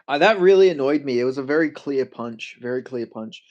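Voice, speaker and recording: A man's voice: mid-range voice, lively intonation, a little fast, darkish tone, muffled recording. A young Australian man on a casual livestream, joking, swearing freely and answering his chat. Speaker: MMA streamer.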